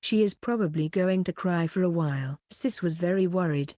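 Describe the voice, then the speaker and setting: A woman reading a web novel aloud as an audiobook narrator, keeping one even voice throughout. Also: on the low side, moderate pace, dry recording, studio quality.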